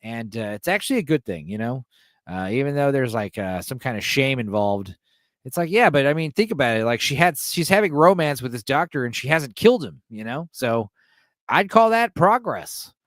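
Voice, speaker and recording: A man's voice: medium pitch, big pitch swings, moderate pace, no echo, studio quality. Rambling man recapping a film. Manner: rambling, full of uh and you know; loose, mildly profane. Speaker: podcast host.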